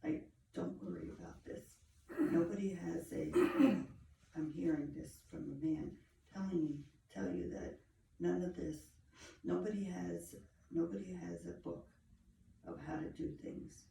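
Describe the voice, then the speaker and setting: A woman giving a medium reading, feeling her way through each phrase slowly and circling back to repeat herself. Her voice has a gravelly fry to it. She sounds distant from the mic in an echoey room with faint background noise. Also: fairly low pitch, animated, warm tone. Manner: halting, searching, repeats phrases. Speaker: psychic medium.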